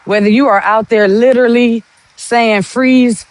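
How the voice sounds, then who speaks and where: A woman's voice: mid-range voice, moderate pace, no echo. A woman hosting a podcast, talking bluntly in a casual monologue full of rhetorical questions. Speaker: podcast host.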